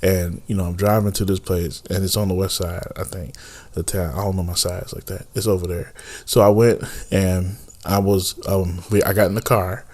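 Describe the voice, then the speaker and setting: A middle-aged man with a very deep, low voice co-hosts a relationship podcast with his wife. He sounds tired and rambles through his stories, joking and teasing along the way. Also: little pitch movement, moderate pace, darkish tone. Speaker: podcast co-host. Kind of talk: casual married-couple chat.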